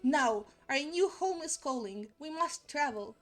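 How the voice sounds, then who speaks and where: A woman voicing a grand, formal male flea caravan leader, reading his lines slowly and theatrically in a video game. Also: high-pitched, lively intonation, fairly bright tone, soft background music. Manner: theatrical, slow and stately reading.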